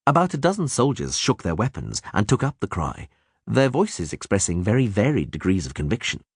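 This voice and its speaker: A man narrating an audiobook in a lively, dramatic reading style. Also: on the low side, brisk, breathy edge, no room sound, clean studio sound. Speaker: audiobook reader.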